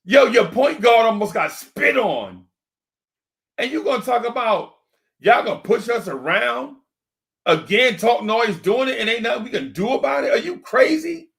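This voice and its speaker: A man hosting a sports fan talk stream into a desk microphone. He rants in an animated, repetitive way and keeps yelling the same rhetorical questions. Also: very high-pitched, normal speed, gravelly. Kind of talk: live-streamed fan rant.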